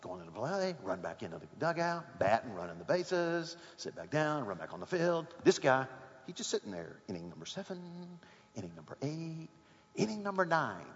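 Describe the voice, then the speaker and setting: A man preaching a sermon, telling a sports story with rising excitement and shouts. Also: mid-range voice, normal speed, big-room sound, muffled recording.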